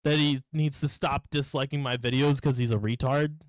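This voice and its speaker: In casual podcast chat, a young male co-host rants through a story, a little drunk, cursing constantly and impersonating the people he quotes. His medium-pitched voice is fairly even in intonation at normal speed, on a rough recording with no room sound.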